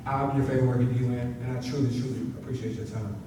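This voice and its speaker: A motivational speaker talks fast in a mid-range voice, pumping up students and leading a chant. He sounds far away in an echoing university hall, with plenty of noise in the background.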